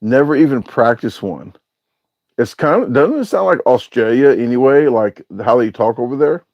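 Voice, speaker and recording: A man's voice: mid-range voice, animated, moderate pace, no echo, lo-fi sound. A man hosting a casual livestream, reading out viewer comments and answering them in a rambling, hesitant way with lots of filler sounds. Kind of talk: casual live-stream chat.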